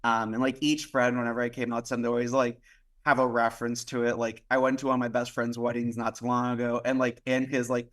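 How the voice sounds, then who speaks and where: A man's voice: medium pitch, completely flat delivery, fast, a bit bright. A young man from Miami, a podcast guest, tells a personal story in loose casual chat, full of "like" fillers, acted-out dialogue and the odd swear word. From Miami, United States. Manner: rambling, heavy use of "like", acts out quoted dialogue. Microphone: podcast microphone.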